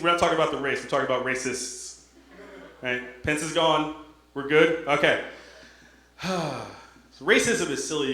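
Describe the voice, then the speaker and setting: A man's voice: fairly high pitch, fairly bright tone. Young male comic in an echoey room. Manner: loose, conversational, audience-checking. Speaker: stand-up comedian. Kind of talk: stand-up comedy set. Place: comedy stage in an echoey room.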